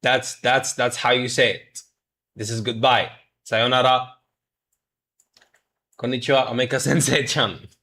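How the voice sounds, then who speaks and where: Man, medium pitch, forceful bright tone; playful stream teacher drilling phrases. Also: level tone, a little slow, long pauses. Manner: jokey, mock-scolds chat, drills pronunciation. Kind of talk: playful livestream lesson.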